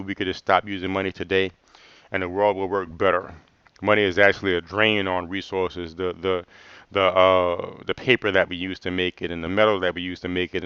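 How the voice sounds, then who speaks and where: A man's voice: low-pitched, a bit bright, clean tone, no room sound, dull audio. A man hosting a livestream and answering live comments in a loose, rambling way, laughing often and saying "man" a lot. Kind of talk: casual livestream chat.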